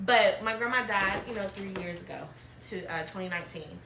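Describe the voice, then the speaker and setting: A podcast host from Alabama leads an emotional personal conversation, speaking candidly and wavering between tears and laughter. Her medium-pitched voice moves fairly quickly, recorded in an echoey room with a distant mic and background noise.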